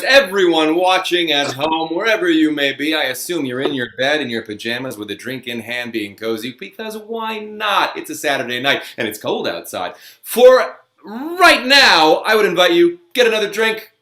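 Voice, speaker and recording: A man's voice: on the high side, very animated, fairly quick, few pauses, pushed and bright, echoey room, slight background noise. A man hosting a live comedy stage show, chatty and playful between acts. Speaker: host. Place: small theatre stage.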